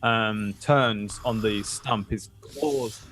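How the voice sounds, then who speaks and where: A man's voice: lowish voice, very slow, a bit bright, slight background noise. A man narrating as game master of a tabletop game, casual and full of fillers.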